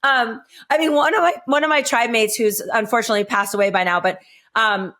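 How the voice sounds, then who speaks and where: High-voiced woman telling blunt, profane stories. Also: brisk, bright, forceful tone. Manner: blunt, profane storytelling with frequent laughs. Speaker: podcast co-host, former reality show contestant. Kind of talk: casual podcast chat.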